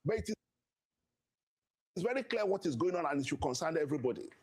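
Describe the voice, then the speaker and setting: A Nigerian man speaks for his party in a clipped broadcast, indignant and insistent. His voice is husky and pitched high for a man. He rattles his points off quickly. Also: expressive, a little mellow. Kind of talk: political statement in a broadcast clip.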